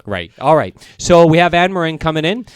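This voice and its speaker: A man's voice: a little high, sing-song, a little fast. A man co-hosting a podcast, chatting casually and teasing his partner with joking stories. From Northern Ontario, Canada. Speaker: podcast co-host. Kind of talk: casual chat.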